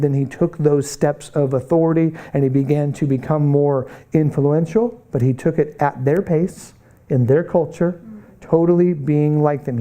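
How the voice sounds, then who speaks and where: A middle-aged man lecturing a Bible college class on missions, earnest and animated, often stopping to ask the room questions. His voice sits a little high but is deeply mellow and warm.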